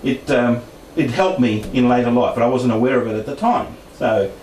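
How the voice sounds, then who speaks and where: Speaking as a guest at a discussion group, a Brisbane man tells a personal tale that wanders, stalls and restarts, full of side remarks. His medium-pitched voice has a darkish tone and a moderate pace, recorded from afar in a roomy space with faint noise behind it.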